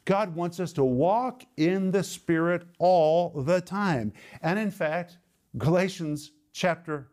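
A man giving a televised Bible teaching in an emphatic way. He slows right down to stress key words and explains word meanings step by step. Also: sits high, darkish tone.

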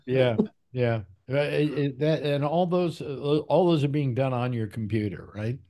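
A man's voice: mid-range voice, warm tone. A man hosting a casual panel show, chatting easily and stopping often to restart his sentences. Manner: easygoing, halting with many restarts. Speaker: show host. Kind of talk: casual chat with panel on a video call.

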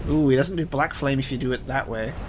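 A man commentating his own video game playthrough, excitable and panicky, swearing, yelping and laughing through a boss fight. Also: medium pitch, fast, noisy background. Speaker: gaming streamer. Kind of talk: live let's play commentary.

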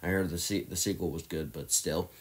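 A man's voice: low-pitched, steady tone, a little fast. A man ranking movies in a casual, opinionated monologue, ranting and exasperated, often restarting his sentences. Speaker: movie reviewer.

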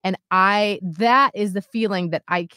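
Young woman radio co-host, candid, halting, dry close sound. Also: medium pitch, bright, forceful tone, smooth, no echo. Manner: candid, halting, self-reflective. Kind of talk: casual chat.

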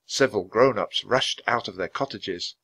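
A man reading a children's chapter book aloud at a natural pace for language learners. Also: moderate pace. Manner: reads at a natural, even speed for language learners; jumps higher and louder for the characters' lines. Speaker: storybook reader.

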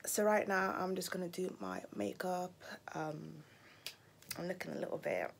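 A young woman chats to her camera in a relaxed vlog, her voice sitting on the low side for a woman. She often slips into a soft, half-whispered delivery. A steady background noise runs beneath her. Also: moderate pace, gravelly. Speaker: vlogger. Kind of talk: casual vlog talk.

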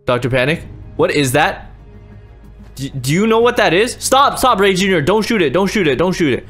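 A young man commentating a game, easily startled, swinging from hushed mutters to sudden yells. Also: sits high, very animated, normal speed, soft background music. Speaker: gaming YouTuber. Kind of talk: Minecraft gameplay commentary.

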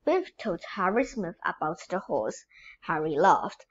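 A woman reading a children's storybook aloud in a slow, expressive way. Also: on the low side, slightly rough, highs cut off. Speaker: storybook reader.

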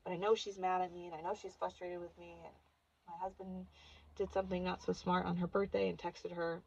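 A woman in her thirties shares a personal story in an emotional, confessional way. Her voice has a gravelly fry and a breathy, husky edge. The recording sounds dull and lo-fi. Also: lowish voice. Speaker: vlogger.

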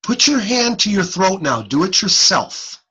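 Male instructor on a video call, slow and bright-toned, sounds out each example himself. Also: sits high, breathy edge, low-quality recording. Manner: demonstrates sounds aloud, animated, repeats himself. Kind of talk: online class lecture. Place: home or office on a video call.

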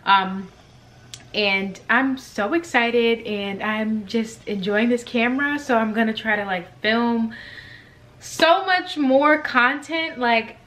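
A woman's voice: mid-range voice, sharp tone. A woman in her twenties chatting casually in a vlog from her bedroom, rambling with lots of ums and likes. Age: 20s. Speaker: vlogger. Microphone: compact camera in front of her.

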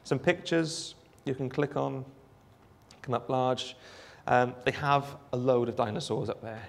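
A Welsh man giving a live demonstration of a phone app, explaining in a relaxed way with frequent ums. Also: medium pitch, unhurried, vocal fry. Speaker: app developer giving a presentation. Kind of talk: live product demo talk.

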